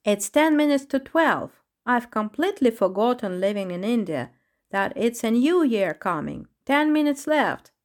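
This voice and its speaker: A woman voicing an excitable, talkative male parrot in a storybook, exclaiming brightly. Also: medium pitch, measured pace, natural voice. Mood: excited. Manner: lively, exclaiming. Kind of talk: storybook reading.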